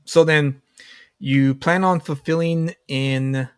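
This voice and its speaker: A man's voice: a little high, steady tone, takes it slowly, smooth, no echo, studio quality. A man hosting a casual livestream chat, easygoing, often restarting his sentences. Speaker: host.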